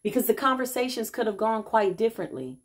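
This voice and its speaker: A woman's voice: a little high, very animated, quick pace. A middle-aged woman, a self-described healer, telling a casual vlog story and acting out the people she quotes, calling viewers y'all.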